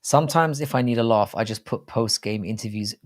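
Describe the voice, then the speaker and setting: A man's voice: lowish voice, fairly quick. A young man hosting a live chat stream, talking loosely to viewers, swearing and calling them mate and bro. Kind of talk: casual live chat reading viewer comments.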